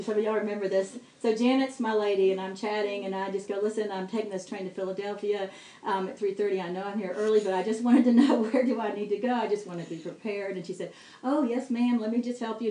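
A middle-aged woman preaching to women, telling a story with lively acted-out dialogue. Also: medium pitch, roomy sound, poor audio. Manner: animated storytelling with quoted dialogue. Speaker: women's ministry speaker.

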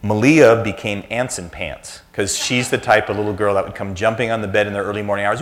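A church speaker in his fifties, with a notably low and deep voice, gives a relaxed, conversational sermon fairly quickly and with few pauses. An anecdotal storyteller, he weaves in self-deprecating family stories before turning to his teaching.

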